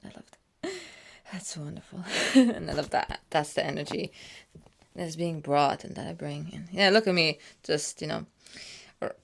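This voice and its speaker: A woman rambling casually over her own video, giggling often and drifting between loud excited bursts and quiet murmured asides. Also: deep voice, moderate pace, vocal fry.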